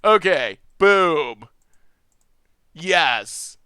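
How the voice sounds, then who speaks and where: A man's voice: fairly high pitch, expressive, extremely slow, sharp tone, clear, resonant tone, no echo, studio quality. A man streaming an online card game, thinking aloud in chatty commentary, laughing often and restarting his phrases. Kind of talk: live gameplay commentary.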